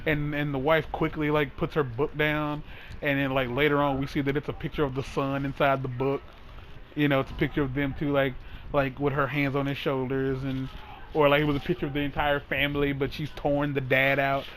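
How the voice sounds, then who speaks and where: A man hosting a casual podcast chat, telling a long story in a rambling, animated way, full of "like" and restarts. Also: mid-range voice, fairly quick, slight background noise, poor audio. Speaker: host.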